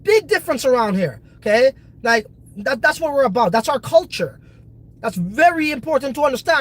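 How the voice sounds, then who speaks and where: A man's voice: extremely high pitch, very animated, normal speed, low-quality recording. A congested man hosting a casual crypto video, talking in a brash, profane, hyped way. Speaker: crypto project host.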